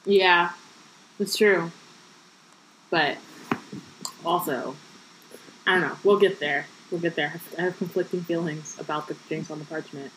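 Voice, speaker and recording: A woman's voice: on the low side, steady tone, measured pace, pauses often, fairly bright tone, slight background noise, poor audio. A woman co-hosting a casual book-club podcast, reading passages aloud and breaking off into joking asides with plenty of fillers.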